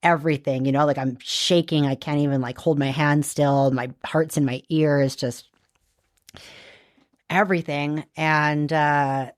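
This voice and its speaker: Woman from Canada, podcast guest, low and dry, quick and animated, swears a lot. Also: dry recording. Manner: animated, profane, quick with frequent "like". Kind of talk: casual storytelling.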